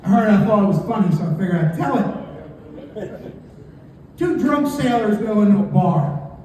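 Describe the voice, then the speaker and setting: Male stand-up comic, high voice, animated storyteller; distant mic, heavy stadium echo. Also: normal speed. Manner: animated storytelling, screams and acts out characters. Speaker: stand-up comedian. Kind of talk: stand-up comedy set. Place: outdoor stadium comedy night. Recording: echoey stadium from a far mic.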